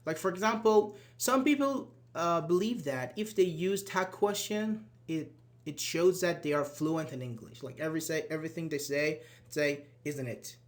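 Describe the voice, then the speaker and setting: A man's voice: fairly high pitch, moderate pace. A man whose first language is Persian, teaching a live online grammar class and explaining step by step while checking in with students. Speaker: English teacher.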